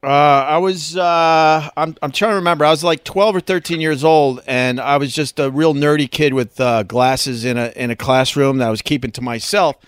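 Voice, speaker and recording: A man's voice: on the high side, fairly even intonation, normal speed, few pauses, smooth, no echo, clean studio sound. A man chatting on a podcast, telling stories about his childhood and laughing easily. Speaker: podcast guest. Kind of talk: casual chat.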